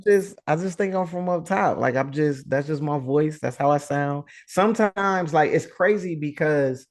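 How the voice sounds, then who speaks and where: Man co-host, Northeastern US accent, fairly high voice, easygoing chatter. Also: normal speed. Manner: laid-back, lots of "like" and "you know". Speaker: podcast co-host. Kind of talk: casual chat.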